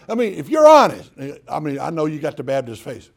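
A man's voice: a little high, wildly swooping pitch, normal speed, gravelly, hardly any pauses. An older man preaching a folksy sermon, joking with the congregation and acting out prayers in mock-crying voices. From Southern US. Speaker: pastor.

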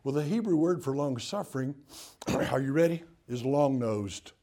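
A man's voice: mid-range voice, lively intonation, moderate pace, mellow. An older man from Tennessee with a Southern accent, preaching a sermon in a folksy, humorous storytelling way.

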